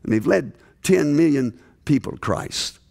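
High-voiced man preaching a sermon. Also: animated, unhurried, gravelly. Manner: storytelling with many restarts, swinging from hushed to shouting.

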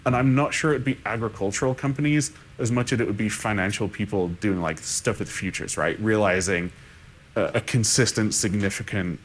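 A man with a somewhat low voice answers questions on a conference panel. He thinks aloud, restarts his sentences and keeps checking in with "right?". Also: brisk, slight background noise. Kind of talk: unscripted panel discussion.

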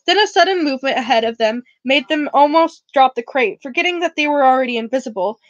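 A woman's voice: sits high, lively intonation, fast talker, dry recording. A woman casually reading a novel aloud for a book club, often stumbling over words and correcting herself. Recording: dull, dry lo-fi recording.

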